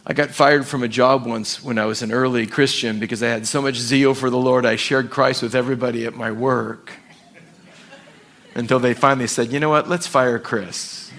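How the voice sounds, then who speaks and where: A man preaching a sermon to his church, animated and quick to act out voices and quotes. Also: mid-range voice. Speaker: pastor.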